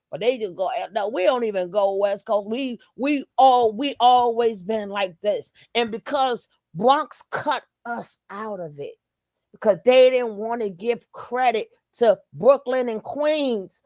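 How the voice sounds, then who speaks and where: A woman's voice: a little high, dry recording, clean studio sound. A woman with a New York accent, hosting a channel and giving blunt, profane, heated reaction commentary. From New York City. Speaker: channel host.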